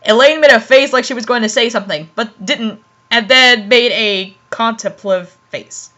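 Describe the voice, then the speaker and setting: Woman reading fan fiction with commentary, giggly and stumbling, high, bright voice. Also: moderate pace, dull audio. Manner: giggly, laughs often, stumbles over words.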